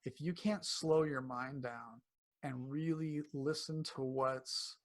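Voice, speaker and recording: A man being interviewed as a health coach, speaking casually and acting out quotes in animated voices. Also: medium pitch, slow pace. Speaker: cancer coach guest.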